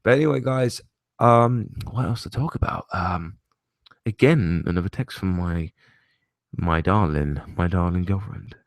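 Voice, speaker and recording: A young man rambles through a casual chat show, swearing freely and breaking into laughter. His voice sits fairly low, and the sound is dry with no room echo. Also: measured pace. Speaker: host.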